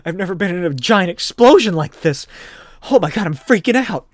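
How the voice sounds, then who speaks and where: Battered hero mid-breakdown, high and sobbing, a man doing it. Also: lively intonation, fairly quick, dry recording, studio quality. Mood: distraught. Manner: high, loud, sobbing apologies. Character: weeping battered masked hero, panicking.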